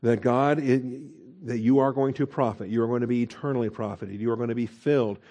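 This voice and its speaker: A man teaches scripture verse by verse in a mellow, darker voice. He keeps asking his listeners questions and slows down to stress key words. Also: mid-range voice, steady tone. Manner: asks rhetorical questions, stresses words slowly. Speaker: Bible teacher. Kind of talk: expository Bible teaching.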